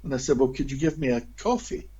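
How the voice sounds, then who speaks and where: A man who is a guest in an interview tells vivid anecdotes as an animated, expressive storyteller. He talks fast in a mid-range voice with a breathy edge. The audio is dull and lo-fi.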